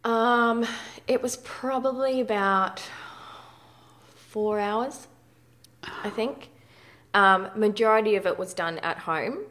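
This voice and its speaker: A woman's voice: mid-range voice, slow, a bit bright. A woman in her thirties speaking frankly and conversationally in an interview. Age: 30s. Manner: frank, conversational, uses mild swearing. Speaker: guest. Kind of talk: candid personal interview.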